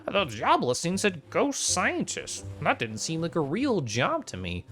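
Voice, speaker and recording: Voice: medium pitch, huge pitch swings, a little slow, a bit bright, soft background music, voice pushed up. A streamer voicing a nervous, self-doubting ghost scientist in a game, rambling and flustered. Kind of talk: game voice acting.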